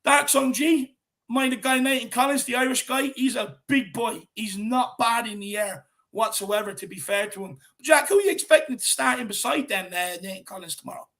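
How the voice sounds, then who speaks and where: Man, very high voice, gravelly, bright tone, animated stream host. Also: moderate pace. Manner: animated, reads out chat messages. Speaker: host of fan channel. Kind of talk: casual livestream chat.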